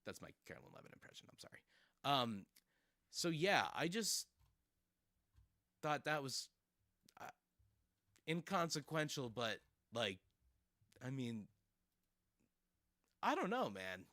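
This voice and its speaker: A man's voice: mid-range voice, sing-song, takes it slowly, pauses often, bright, forceful tone, no echo, studio quality. A man hosting casual commentary, sarcastic and rambling with fillers and laughs. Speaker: streamer host.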